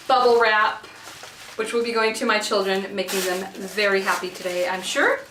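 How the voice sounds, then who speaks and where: A woman in her thirties who has children, excitedly unboxing makeup in a casual vlog recorded in her bathroom, gushing with lots of fillers. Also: mid-range voice, noisy background. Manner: giddy and gushing, with many fillers. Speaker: beauty vlogger. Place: home bathroom. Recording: echoey bathroom, mic a bit far off.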